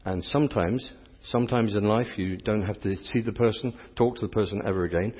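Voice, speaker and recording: A middle-aged priest from England talks a little fast in a lowish voice with a breathy edge, giving an interactive, playful sermon in a church. He teases volunteers and chats with his congregation, and the recording is dull and lo-fi with long reverb.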